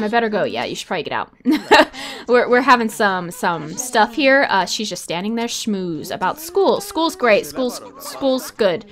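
A woman casually commenting as she plays a life-sim game, chatty and giggly, often laughing at herself. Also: a little high. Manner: chatty, giggly, self-mocking. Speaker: gaming video host. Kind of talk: casual let's-play commentary.

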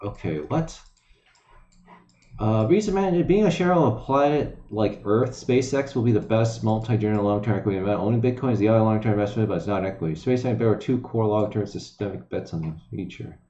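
A man's voice: fairly low pitch, fast, warm tone. A man streaming from home, reading news aloud and ranting at it with lots of swearing and mumbled asides. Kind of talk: casual profane live-stream commentary. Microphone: desk microphone. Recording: echoey room, slightly dull lo-fi sound.

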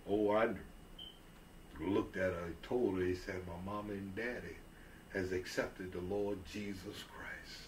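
A man's voice: deep voice, fairly even intonation, a little slow, recorded from a distance, a little hiss or hum. A man telling a Christian story in a folksy, repetitive way, lifting his voice when he quotes people. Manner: folksy, repeats himself, raises his voice when quoting characters.

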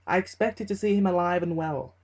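A man reading a horror story aloud as its narrator, in a slow, measured and ominous delivery. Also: sits high, lively intonation, a little mellow, rough recording.

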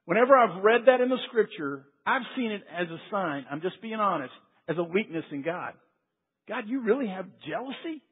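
A husky, fairly high-voiced man preaching a sermon, earnest and emphatic, sinking to near-whispers before climbing back up. His voice rings with a long reverb through a large sanctuary. The sound is thin and phone-like. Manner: earnest preaching, dropping to quiet emphasis then rising. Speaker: pastor.

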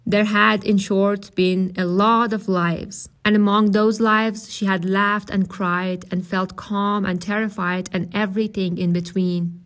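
Woman narrator, audiobook reading, measured, steady, mid-pitched. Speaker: audiobook reader. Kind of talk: reading a novel aloud.

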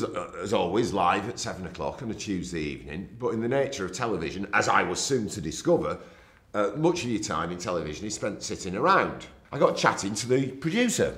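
A middle-aged man spins anecdotes about his career, his low voice swinging up and down as he acts out other people's lines. He talks like a born raconteur, with the odd filler. The sound carries a noticeable roomy echo. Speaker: broadcaster telling his own career stories. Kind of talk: anecdotal storytelling.

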